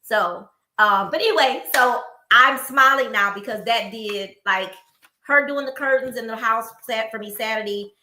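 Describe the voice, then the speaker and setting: A middle-aged woman co-hosting a podcast, chatting casually and telling stories with lively, acted-out quotes. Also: a little high, moderate pace. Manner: animated storytelling, acting out quoted people. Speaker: podcast co-host. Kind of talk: casual chat. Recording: echoey room.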